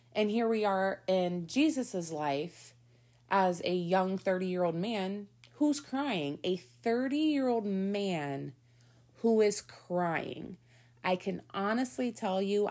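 A middle-aged woman giving an informal devotional talk, earnest and conversational, slowing down to stress key words. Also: lowish voice, a little mellow. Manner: earnest, conversational, slows down for emphasis. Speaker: Bible teacher.

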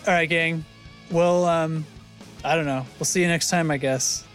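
A man's voice: fairly high pitch, steady tone, moderate pace, a bit bright, soft background music. A man hosting a casual podcast outro, rambling, stumbling over names and laughing at himself. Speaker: podcast host.

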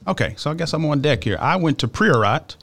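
A man's voice: on the high side, brisk. A man co-hosting a wine podcast, casually presenting wine facts with lots of "um"s. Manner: relaxed, explains facts with fillers. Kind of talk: casual chat.

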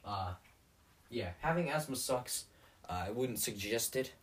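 A man's voice: mid-range voice, lively intonation, unhurried, distant mic. A teenage boy hosting a podcast, ranting in a rambling, sarcastic way with lots of fillers and restarts. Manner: sarcastic and self-mocking. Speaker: podcast host. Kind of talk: rambling solo rant.

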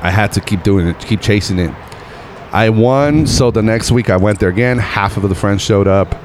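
A man's voice: fairly low pitch, moderate pace, background noise. A man in his thirties from Northern Nevada, a comedian guest telling stories casually and laughing at his own tales. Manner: animated, laughs at his own stories, says bro and dude. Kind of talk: casual storytelling.

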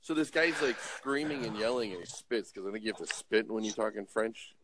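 Fairly quick and a bit bright, a lowish male voice spins jokey, meandering trucker stories in a casual chat, peppered with uh's and restarts. A slight hiss or hum sits under the audio.

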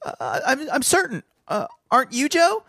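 Guy putting on a keen teen boy detective from a storybook, pitched way up, gravelly, dry. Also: huge pitch swings, normal speed, dry recording, exaggerated voice. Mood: eager. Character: eager teenage boy sleuth.

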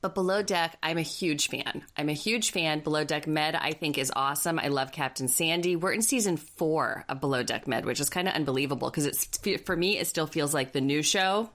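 A woman hosting a casual chat show, talking in a gossipy, animated way. Her voice sits low for a woman. She rattles off quick asides as she sets the stage. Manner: chatty, gossipy, fast asides. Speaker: podcast host.

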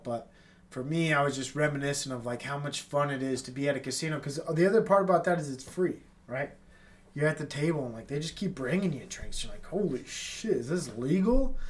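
Rambling, swearing man with a stuffy nose. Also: a little high. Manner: rambling, profane, laid-back. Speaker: podcast host. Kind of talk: casual solo podcast chat. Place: apartment with tenants upstairs.

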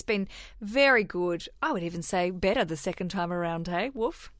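A woman's voice: fairly low pitch, expressive, moderate pace, dry recording. Chatty woman podcast host, dry sound. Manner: chatty, laughing, self-mocking. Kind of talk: casual chat.

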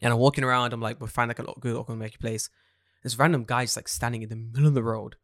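A man's voice: mid-range voice, racing, no room sound, clean studio sound. A man co-hosting a casual podcast, telling stories with lots of swearing and acting out the people in them. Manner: animated storyteller, swears a lot, acts out people in quotes. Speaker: podcast co-host. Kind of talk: casual chat. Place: lives in Japan.

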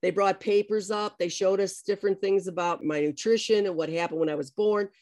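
Casting note: middle-aged woman guest, vivid storyteller, dry close sound, lively delivery. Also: mid-range voice, fairly quick, no room sound. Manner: lively, animated retelling with acted-out quotes. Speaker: guest, adoptee telling her story. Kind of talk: personal storytelling in conversation.

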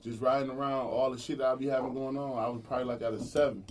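A man hosting a casual podcast chat, talking fast in street slang and cutting in with "right, right.". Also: mid-range voice, steady tone, recorded from a distance. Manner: quick, street slang, keeps saying "right, right". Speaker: podcast host.

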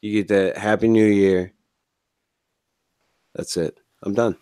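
Man, very low voice, slow drawl, ends lines with man or dude, casual podcast banter, dry close mic. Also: fairly even intonation, mellow, clear, resonant tone, dry recording. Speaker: podcast co-host.

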